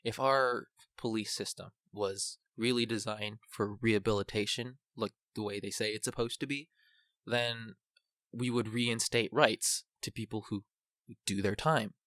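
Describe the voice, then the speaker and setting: A man with a somewhat low voice lays out his ideas earnestly on a podcast. His talk is casual but focused. The sound is dry and close. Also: steady tone, measured pace, fairly bright tone, no room sound. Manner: earnest, explanatory. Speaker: podcast co-host.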